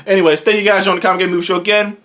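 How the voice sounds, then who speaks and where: Excitable, foul-mouthed movie review host. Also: racing. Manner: excitable, swears freely, jumps up in pitch when enthused. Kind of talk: casual movie review monologue.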